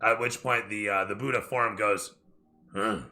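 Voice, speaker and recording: A man narrating a tabletop game as game master, talking in a hurried, self-correcting way with casual swearing. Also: on the low side, fairly even intonation, sharp tone.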